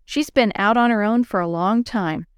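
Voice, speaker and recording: A woman's voice: mid-range voice, normal speed, clear, resonant tone, dry recording, studio quality, lightly acted. A woman doing a sorrowful neighbor lady. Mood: sad. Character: sad neighbor woman, gossiping gently.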